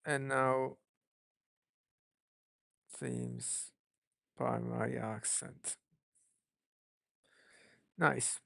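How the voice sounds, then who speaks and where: Developer streaming live code, thinks aloud, heavy vocal fry, dry close sound. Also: mid-range voice, flat delivery, fairly bright tone, dry recording. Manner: musing, self-questioning, unhurried.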